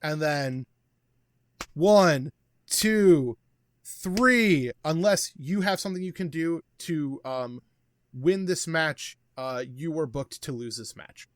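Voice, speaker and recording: A man narrating as game master of a tabletop wrestling game, relaxed and explanatory, with many fillers. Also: on the high side, measured pace, no room sound.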